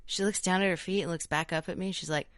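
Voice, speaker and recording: A woman's voice: fairly low pitch, fairly even intonation, quick pace, dry recording, studio quality. A woman co-hosting a podcast, telling a story in casual chat, blunt and cursing freely. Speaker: podcast co-host.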